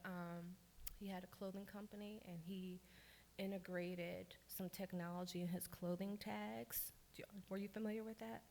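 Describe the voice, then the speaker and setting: A woman from Baltimore leading a lively, interactive workshop in a conference room, urging the audience to cheer and answer. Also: medium pitch, slight background noise. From Baltimore, Maryland. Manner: lively, hypes the audience with calls for applause. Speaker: workshop speaker. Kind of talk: energetic interactive workshop talk.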